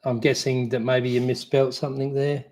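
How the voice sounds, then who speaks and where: A man's voice: medium pitch, level tone, moderate pace, a little mellow. An Australian man co-hosting a casual live Q&A, talking in a rambling, easygoing way full of fillers and restarts. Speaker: co-host.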